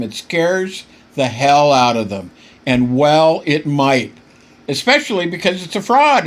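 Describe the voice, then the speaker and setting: A man hosting a political podcast, delivering impassioned commentary that keeps getting worked up, with frequent stumbles and repeated words. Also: a little high. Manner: emphatic, gets worked up.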